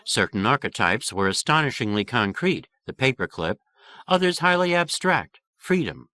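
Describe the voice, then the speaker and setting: A man reading an audiobook aloud with measured, clear delivery. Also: medium pitch, very animated, bright, forceful tone. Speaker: audiobook narrator.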